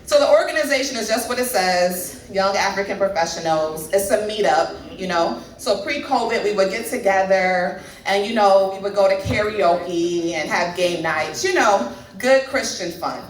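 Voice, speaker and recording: A stand-up comedian in her thirties works a comedy club stage, chatting with and teasing the audience. Her mid-range voice keeps a moderate pace with few pauses, picked up by a far mic in the echoey club.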